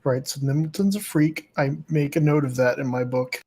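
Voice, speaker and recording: A man's voice: a little high, moderate pace, dark tone, husky. A young man playing a tabletop game, earnestly and insistently explaining rules to another player. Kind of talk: casual tabletop play.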